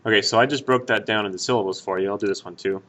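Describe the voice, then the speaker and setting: A man walks learners through Spanish grammar one step at a time. His lowish voice has a bright, forceful edge. He talks in a patient, casual way and fills pauses with "uh" and "um.". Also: slight background noise. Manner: patient, step-by-step, with many fillers and restarts. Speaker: Spanish teacher. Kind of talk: explaining grammar at a whiteboard.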